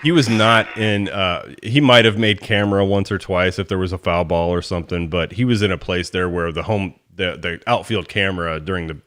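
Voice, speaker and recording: A man hosting a podcast, chatting casually about sports and telling a story with lively swings and the odd curse. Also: sits low, fairly quick, hardly any pauses. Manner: animated storyteller, swears freely. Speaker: podcast host.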